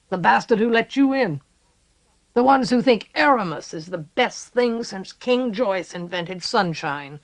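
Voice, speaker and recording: A woman reading an audiobook, voicing a filthy, grieving, vicious older man who snarls his lines in a rasp. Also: on the low side. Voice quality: rasping, snarling.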